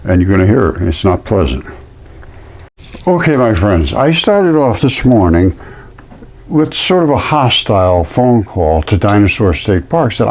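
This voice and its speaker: A man's voice: lowish voice, unhurried. A man talking indignantly in a casual vlog while showing specimens, repeating himself as he tells the story. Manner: indignant, repetitive, animated storytelling. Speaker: amateur fossil presenter.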